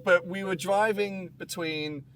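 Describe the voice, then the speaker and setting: Man, young, animated storyteller, slightly high voice, noisy background. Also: unhurried. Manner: animated storyteller, acts out quotes. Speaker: YouTuber guest. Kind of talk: casual chat.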